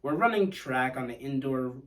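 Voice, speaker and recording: A man recounts a personal story in a relaxed, wry tone, poking fun at himself. His voice sits at an ordinary middle pitch. It comes across a little distant from the microphone. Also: normal speed. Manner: wry, self-deprecating humor.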